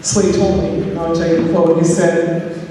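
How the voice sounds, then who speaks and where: A middle-aged woman addresses an event crowd, talking in a relaxed, wry way that keeps drifting into "you know." Her voice stays fairly even in pitch. She is heard from a distance in a large hall with a long echo tail. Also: normal speed, a little hiss or hum. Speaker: guest speaker at an activist event. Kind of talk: public speech with casual storytelling. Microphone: far from the recording mic. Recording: echoey hall recorded from far off.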